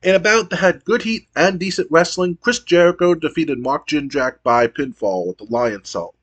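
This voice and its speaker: Man, game streamer, wrestling sim recap, casual asides, slightly high voice. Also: moderate pace, husky, lo-fi sound. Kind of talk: narrating a wrestling sim playthrough.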